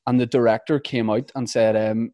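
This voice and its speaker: A man's voice: mid-range voice, level tone, normal speed, dark tone, dry recording. A man, hosting a casual chat and telling self-deprecating stories. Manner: chatty, self-deprecating storyteller. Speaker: host.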